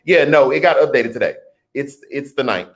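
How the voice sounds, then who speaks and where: Guy w/ aave on his livestream, lively up-and-down voice, cracking up at comments. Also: mid-range voice, moderate pace. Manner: animated, joking, bursts into loud laughter. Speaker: host of a political livestream. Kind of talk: casual livestream chat reading viewer comments.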